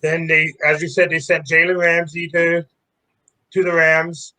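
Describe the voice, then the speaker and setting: A man with a bright, forceful, slightly high voice co-hosts a sports talk show. He runs through trades and the schedule one item at a time. His delivery stays steady and matter-of-fact. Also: unhurried, poor audio. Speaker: sports podcast co-host.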